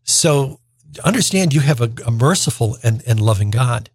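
A man's voice: mid-range voice, expressive, normal speed, darkish tone, no room sound. A man, a deacon, explaining the week's gospel on the radio in an informal, plain-spoken way.

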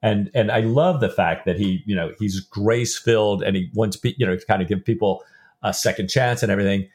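A man's voice: on the low side, brisk, darkish tone, breathy edge. A middle-aged man hosting a podcast, chatting loosely about a novel and reading passages aloud with feeling. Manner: rambling, reads book passages aloud with feeling. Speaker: podcast co-host. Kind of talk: casual book-discussion chat.

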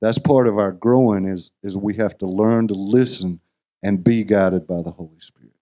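Low-voiced, measured male guest preacher. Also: dark tone. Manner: measured and earnest, slow deliberate phrasing. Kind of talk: sermon teaching.

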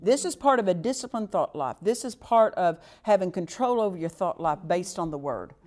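A woman's voice: fairly low pitch, animated, moderate pace, a little mellow. Earnest woman preaching a sermon. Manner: earnest and exhortative, repeats phrases for emphasis. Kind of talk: sermon to a responding congregation.

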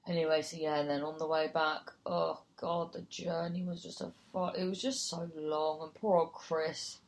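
A woman's voice: low voice, little pitch movement, moderate pace. A woman comedian telling a gig story casually, swearing freely and acting out other people's voices. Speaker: comedian and compere.

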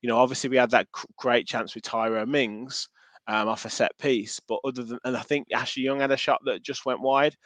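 A man's voice: mid-range voice, fairly even intonation, fairly quick, fairly bright tone, no room sound. A man co-hosting a football podcast, chatting casually, with many restarts and comments read from listeners. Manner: rambling, frequent restarts, reads out listener comments. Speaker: podcast co-host.

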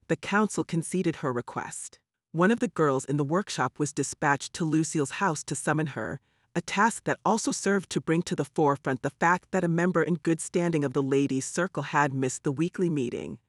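A man reading a novel aloud in steady, wry storytelling narration. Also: a little high, dry recording, studio quality. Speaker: audiobook narrator. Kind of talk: scripted narration.

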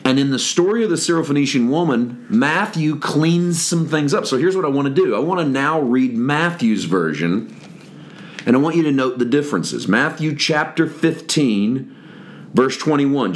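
A man's voice: mid-range voice, lively intonation, moderate pace. A man hosting a daily devotional podcast, explaining a gospel passage in a reflective teaching manner and reading the verses aloud. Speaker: podcast host teaching scripture.

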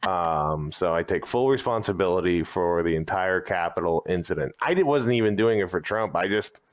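Man, very low voice, smooth and resonant, muffled lo-fi sound, dry deadpan jokes. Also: normal speed, dry recording. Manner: deadpan jokey, mock-serious. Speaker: comedian guest. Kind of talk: casual podcast chat.

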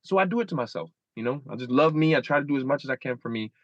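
Lo-fi audio with no echo captures a man in his thirties, a guest in an emotional interview. Medium-pitched, expressive, and rapid-fire, he speaks earnestly with many restarts and repeats, acting out his inner voices.

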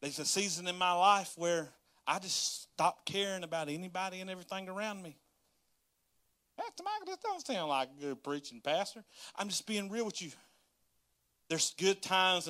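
A man, a pastor giving a casual livestream sermon full of folksy stories and laughter. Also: high voice. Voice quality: folksy, laughing, storytelling, animated.

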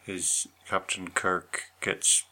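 Low, bright-toned man, co-host, dry teasing banter. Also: level tone, drawn-out words. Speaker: podcast co-host. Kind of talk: casual chat.

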